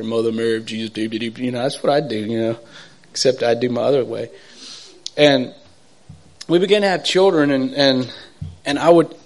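A middle-aged man giving an emotional personal testimony, halting and repetitive, swinging from urgent to hushed. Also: mid-range voice. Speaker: testimony speaker.

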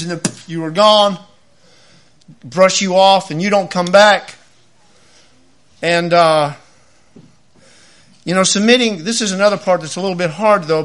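A middle-aged man preaching a sermon, telling stories and acting out the voices of the people in them. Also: high voice. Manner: animated, acts out voices in his stories. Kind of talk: sermon with storytelling.

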